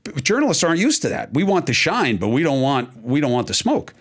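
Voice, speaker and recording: A middle-aged man speaks as a guest in a candid conversation. His pitch moves a lot as he talks, rushing through some phrases and slowing hard on the points he wants to land. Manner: animated, emphatic, fast bursts then slow deliberate stresses.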